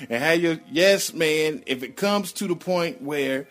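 A man's voice: a little high, slow pace, pauses often, a bit bright, faint music behind. A middle-aged man telling a personal story in a blunt, slangy, rambling way, full of profanity.

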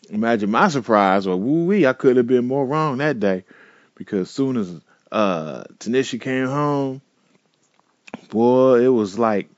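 A man's voice: fairly low pitch, no room sound. Laid-back, foul-mouthed man spinning a rambling personal story, dull dry recording. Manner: laid-back, profane, digressive, with frequent fillers. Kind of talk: casual profane storytelling.

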